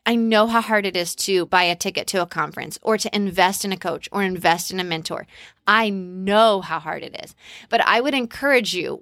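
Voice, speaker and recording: A woman's voice: medium pitch, fairly bright tone, dry recording, clean studio sound. A middle-aged woman hosting a podcast, giving casual, encouraging business advice and speaking straight to her listeners. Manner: encouraging, conversational, addresses listeners as "you guys". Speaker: podcast host.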